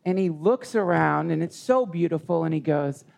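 A man telling a heartfelt personal story as a guest, rambling and halting, with frequent restarts. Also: on the high side, expressive, creaky. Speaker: podcast guest. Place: live retreat session.

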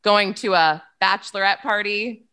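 A woman's voice: mid-range voice, normal speed, crowd noise. A young woman co-hosting a podcast in casual chat, giggly and full of fillers. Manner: chatty, giggly, many fillers. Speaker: podcast co-host.

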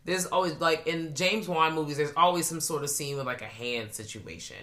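A woman co-hosting a casual movie recap chat, laid-back, with quick affirmations and dry asides. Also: low-pitched, fairly bright tone. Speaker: podcast co-host.

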